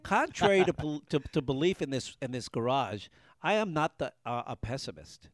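A man's voice: medium pitch, sing-song, moderate pace, no room sound, studio quality. A man co-hosting a casual podcast from a garage, talking in long rambling stretches full of restarts. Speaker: podcast co-host. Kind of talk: casual banter.

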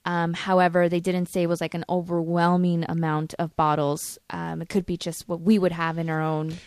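A woman's voice: fairly low pitch, monotone, normal speed, darkish tone, dry recording. A woman co-hosting a casual talk show, chatty with many ums, reading news items in between banter. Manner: chatty, many ums, drops Spanish phrases. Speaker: co-host. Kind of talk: casual radio chat.

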